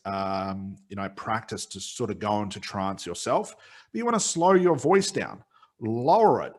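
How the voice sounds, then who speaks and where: A middle-aged man giving a recorded course lecture on hypnosis, explaining his points one by one. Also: on the low side. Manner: explains in numbered points, with quoted sample suggestions spoken slowly. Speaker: hypnosis trainer.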